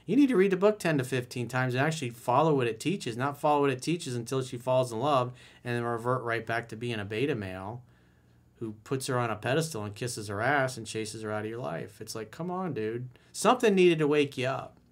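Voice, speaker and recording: A man's voice: medium pitch, brisk. A man as a dating coach giving blunt, profane advice in a podcast monologue, roasting the listener.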